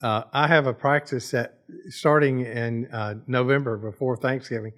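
A male guest author talking in an earnest, reflective way. He speaks steadily with occasional pauses and fillers. His voice sits in an ordinary middle pitch. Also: fairly even intonation, a bit bright. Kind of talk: casual chat.

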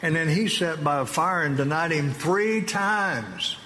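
A man giving an emotional personal testimony to an audience, earnest and halting, with slow emphatic phrases. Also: a little high, animated, pushed and bright. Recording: long reverb of a large hall with faint ambient noise.

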